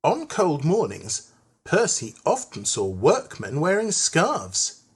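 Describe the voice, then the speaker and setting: A narrator reading a children's train story aloud in an expressive storytelling manner. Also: medium pitch, slightly rough. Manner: slow, lively storytelling.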